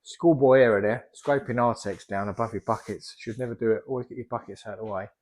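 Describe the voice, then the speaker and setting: A middle-aged plasterer chats casually in a vlog while he works, often rambling off topic. He talks fast in a fairly even, slightly mellow medium-pitched voice, and there is a bit of background noise.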